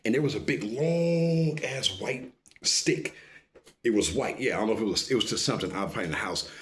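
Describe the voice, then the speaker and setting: Racing along in a fairly low voice, a man recounts a story in a casual, animated style. Profanity and side comments fill it, and he keeps interrupting himself to tell the listener to pay attention.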